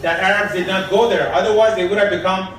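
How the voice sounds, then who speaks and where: High-voiced Iranian man doing stand-up. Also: fast talker. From Iran. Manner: deadpan storytelling, quoting people in his jokes. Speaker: stand-up comedian. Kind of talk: live stand-up set. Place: comedy lounge stage. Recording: echoey room from far off, faint noise.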